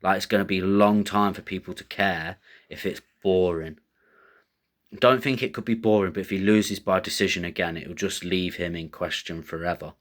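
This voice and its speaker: Blunt low-voiced man talking fights. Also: moderate pace. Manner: blunt, rambling, coarse. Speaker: MMA betting tipster host. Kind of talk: casual predictions commentary.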